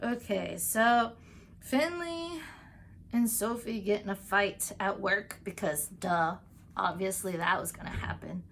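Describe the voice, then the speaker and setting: There's a little hiss or hum as a woman with a medium-pitched, fairly bright voice gushes casually through TV episode recaps. The recap and tarot vlogger fills her talk with "like" and "um" and briefly voices the characters' lines in quick asides.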